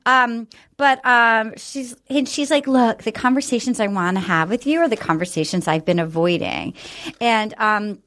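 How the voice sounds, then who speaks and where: Brief: female podcast host, very high voice, chatty episode recapper. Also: normal speed, a bit bright. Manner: chatty, reads out quotes from the episode. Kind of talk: casual recap chat.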